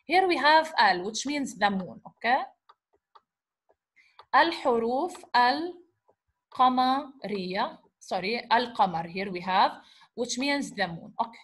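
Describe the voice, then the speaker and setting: High-voiced woman teaching grammar step by step. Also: expressive, normal speed, slightly rough. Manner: repeats herself, asks and answers her own questions, says "okay" often. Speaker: Arabic teacher. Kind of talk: explaining grammar lesson.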